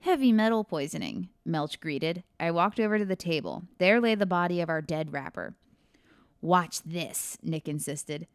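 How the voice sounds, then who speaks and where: A woman reads her own crime story aloud on a podcast, breaking off for quick, laughing asides. Her voice sits a little low and sounds smooth and clear. The sound is dry and close, with no room echo. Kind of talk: reading aloud with casual chat asides.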